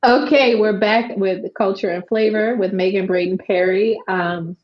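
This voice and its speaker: A woman's voice: medium pitch, steady tone, unhurried, faint music behind. A woman hosting an interview show, friendly and a little hesitant, laughing often. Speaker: podcast host. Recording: dull lo-fi sound.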